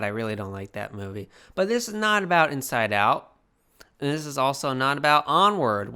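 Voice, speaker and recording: A man's voice: mid-range voice, clear, resonant tone. Tipsy, profane man rambling a film review. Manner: rambling, profane, animated, with many restarts. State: slightly tipsy. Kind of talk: casual video review.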